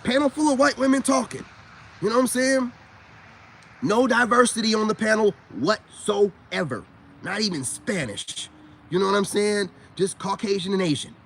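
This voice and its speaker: A man's voice: high voice, normal speed, gravelly, fairly bright tone, slight background noise. A man giving a blunt, profane lecture in a casual rant straight to camera. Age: adult parent. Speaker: vlogger. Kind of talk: casual ranting monologue.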